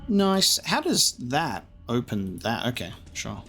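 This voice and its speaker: A man's voice: medium pitch, moderate pace, fairly bright tone, soft background music. A man giving casual, jokey commentary as he plays through a video game, chatting to himself as he goes. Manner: chatty, jokey, talks to himself while playing. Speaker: gaming streamer.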